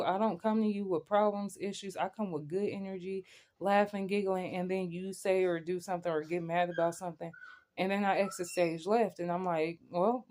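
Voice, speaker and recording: A woman's voice: medium pitch, a little mellow. A young adult woman venting to camera in a rambling, emphatic way, often checking in with the listener. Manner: emphatic, rambling, keeps asking "you know what I'm saying". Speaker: vlogger.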